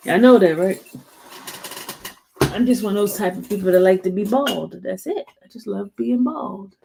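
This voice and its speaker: A woman's voice: mid-range voice, moderate pace, creaky, mellow, a little hiss or hum, low-quality recording. A woman vlogger chatting casually to her viewers, rambling and answering comments from live chat.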